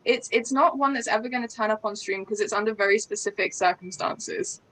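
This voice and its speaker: An English woman with a received pronunciation accent, chatting in a relaxed, matter-of-fact way. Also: medium pitch, brisk, rough recording. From England. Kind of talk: casual chat.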